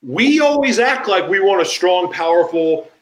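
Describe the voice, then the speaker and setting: A man's voice: sits high, sing-song, moderate pace. A man hosting a podcast interview, talking in an effusive, emphatic way. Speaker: podcast host. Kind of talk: conversational interview. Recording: echoey room.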